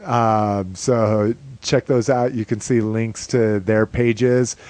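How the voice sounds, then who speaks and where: Chill guy with a lowish voice rambling on a podcast, lots of ums, swears casually. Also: slow pace, no room sound. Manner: relaxed, rambling, many fillers and casual swearing. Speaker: podcast co-host.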